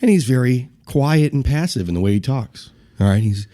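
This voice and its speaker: A man's voice: medium pitch, moderate pace. A man telling a story on a podcast, with lots of laughter, acting out the people in it. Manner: lively, acts out voices in quotes, laughs often. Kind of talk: animated storytelling.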